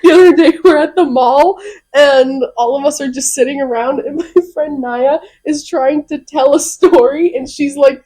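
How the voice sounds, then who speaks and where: A young woman co-hosting a podcast, chatting casually, swearing a lot and laughing through her stories. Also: sits high. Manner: profane, giggly, animated storyteller. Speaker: podcast co-host. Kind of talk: casual chat.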